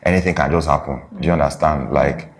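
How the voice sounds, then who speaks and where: A young man with a Nigerian accent and a very low, deep voice chats casually as a podcast co-host. He speaks slowly and pauses to search for words, often checking that his listener follows. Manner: slow, searching, often asks "you get?". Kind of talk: casual couple chat.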